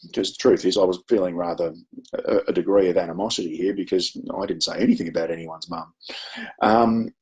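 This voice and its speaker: A man's voice: sits low, fairly even intonation, fairly quick, a little mellow. A man with an Australian accent presenting a webinar, telling a chatty, self-deprecating classroom story with frequent ums. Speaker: education presenter.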